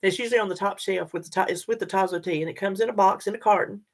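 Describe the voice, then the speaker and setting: A woman's voice: mid-range voice, racing. An older woman, chatting casually and directly to her viewers in a vlog. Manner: chatty, animated, talks straight to viewers. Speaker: vlogger.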